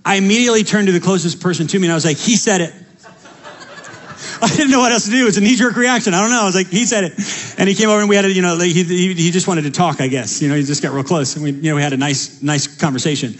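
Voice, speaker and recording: A young man with a high voice preaches to his congregation. He tells quick, lively personal stories, then rises into fervent appeals. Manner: energetic storytelling, rising to preaching fervor. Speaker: pastor.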